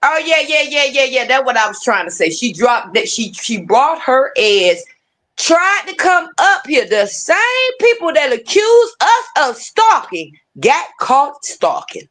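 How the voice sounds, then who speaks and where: A woman host rants on a livestream in a heated, profanity-laced flow. Her voice is fairly high and swings widely in pitch as she presses her points. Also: sing-song, a little slow, a bit bright. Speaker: streamer host. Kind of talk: profane ranting livestream talk.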